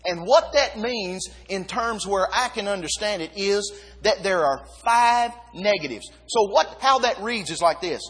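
A man preaching a sermon, emphatic, dropping low and quiet then rising again. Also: expressive, a little slow, hardly any pauses, husky. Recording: long reverb of a hall.

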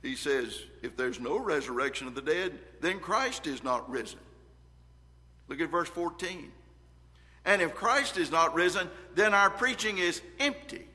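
A man delivers a sermon, reading scripture with earnest emphasis in a bright, forceful, slightly high voice that swells and falls in volume. He is animated and keeps a measured pace, while a long reverb trails through the hall.

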